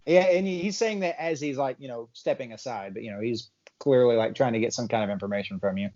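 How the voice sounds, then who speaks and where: A man narrating as game master in a tabletop game, halting, with many restarts. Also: mid-range voice, warm tone, dry recording. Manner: halting, full of restarts and laughs. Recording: dull lo-fi sound.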